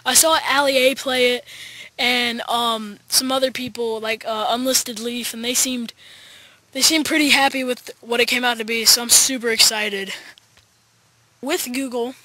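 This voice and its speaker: A male gaming YouTuber giving excited, chatty gameplay commentary from his backyard, talking straight to viewers. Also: very high-pitched, normal speed, dry recording. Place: backyard, outdoors.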